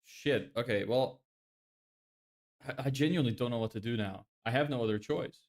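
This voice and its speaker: A man's voice: medium pitch, normal speed. A young man casually chatting on a live stream, exasperated and swearing often as he answers viewers. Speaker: livestreamer.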